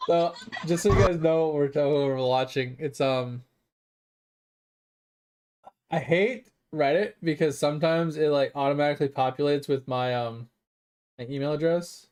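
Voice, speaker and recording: A man's voice: a little high, normal speed, pauses often, darkish tone, clear, resonant tone. A man streaming a game, chatting casually and rambling with lots of "like" and "um", swearing now and then. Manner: rambling, heavy use of "like" and "um" fillers. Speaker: gaming streamer. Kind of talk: casual live-stream chat while gaming.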